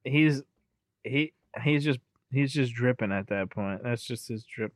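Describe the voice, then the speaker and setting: A man's voice: medium pitch, a little slow, no echo, clean studio sound. A man chatting casually and recapping an anime film, rambling and swearing, with frequent restarts. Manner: rambling, profane, with many restarts.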